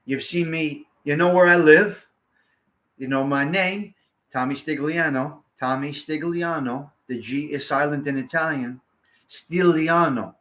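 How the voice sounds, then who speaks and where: A man with a fairly high, slightly bright voice runs a casual livestream, rambling bluntly to viewers and cursing without restraint.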